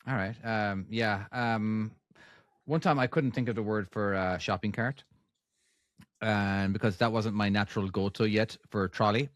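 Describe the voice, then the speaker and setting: A man co-hosting a podcast, low-pitched and rambling, blunt and sweary as he goes. He is recorded close on a dry mic with no room sound. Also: fairly even intonation, unhurried, no room sound. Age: adult. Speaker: podcast co-host. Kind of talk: casual podcast chat.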